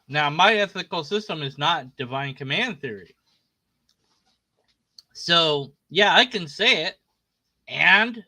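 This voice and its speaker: Man, slightly higher voice, very bright tone, sarcastic and rambling rebuttal. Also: poor audio. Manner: sarcastic, rambling, trails off with shrugs. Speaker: video creator responding to a critic. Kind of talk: casual spoken rebuttal commentary.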